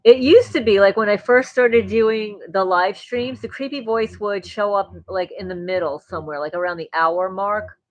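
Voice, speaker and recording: A woman talks loosely to her livestream audience, drifting between topics and answering comments as they come in. Her voice sits at a middle pitch. The sound is dry and close to the microphone, with no room echo. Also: normal speed, few pauses, dull audio. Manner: rambling, chatty, reads and answers viewer comments. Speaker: livestream host. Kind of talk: casual livestream chat.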